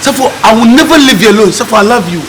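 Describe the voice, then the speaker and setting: A man plays a loud, boastful young fellow with a Ghanaian accent, his voice very high and swooping wildly as he shouts and begs. The film sound is noisy. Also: rapid-fire. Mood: pleading. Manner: shouting, excitable, high-pitched. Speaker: actor in a comedy film. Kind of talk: comic film acting.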